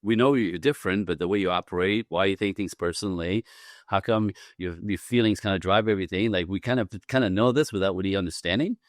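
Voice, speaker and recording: Animated man telling a story, deep voice. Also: fast talker, no room sound, studio quality. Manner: animated storyteller, acts out quotes with big pitch jumps, laughs often. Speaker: podcast guest, relationship coach. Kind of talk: storytelling in a casual interview.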